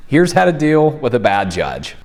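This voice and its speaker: A man's voice: medium pitch, huge pitch swings, moderate pace, a little mellow. A young man who coaches mock trial, giving direct-to-camera advice in an earnest, conversational way.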